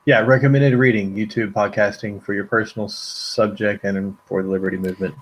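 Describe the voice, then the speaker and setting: A man's voice: lowish voice, steady tone, a little fast. A man hosting a podcast, asking questions in an upbeat way that prompts his guests. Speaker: podcast host. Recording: dull lo-fi sound.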